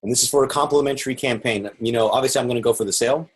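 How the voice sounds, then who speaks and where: Speaking rapid-fire in a breathy mid-range voice, a man teaches marketing sales on a video call. He's earnest, lays things out step by step, and works role-play into his teaching.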